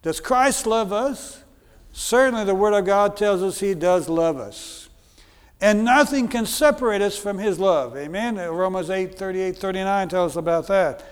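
This middle-aged American man, a guest speaker, preaches a sermon in a high, clear, resonant voice at normal speed. His delivery is earnest and repetitive, full of fillers, and the recording carries a long hall reverb.

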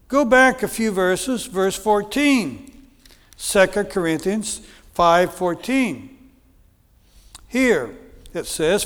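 A man's voice: high voice, expressive, takes it slowly, smooth. A middle-aged American man preaching a sermon as a guest speaker, earnest and repetitive, with frequent fillers. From United States. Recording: long hall reverb.

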